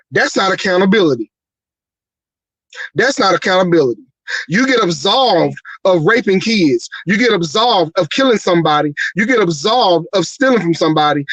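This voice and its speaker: A man's voice: high voice, fairly bright tone, no room sound, poor audio. A man hosting a livestream talk show, ranting with profane, heated rhetorical questions. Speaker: show host.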